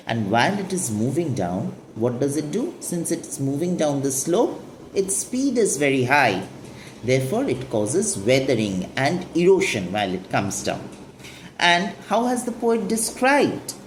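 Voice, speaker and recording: A woman's voice: low voice, slight background noise. A woman teaching a poetry lesson, explaining the lines and asking and answering her own questions. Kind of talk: literature lesson explaining a poem.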